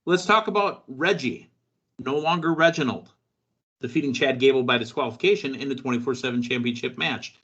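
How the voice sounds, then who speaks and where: A man hosts a casual wrestling podcast. His voice is bright and forward, and he talks in a loose, joking way with plenty of fillers. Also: mid-range voice, brisk, slightly rough, muffled recording. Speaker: podcast host.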